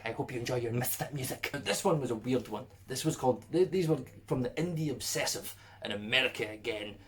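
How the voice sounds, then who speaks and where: A musician in a casual vlog, sarcastic, laughing and swearing. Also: male voice, medium pitch.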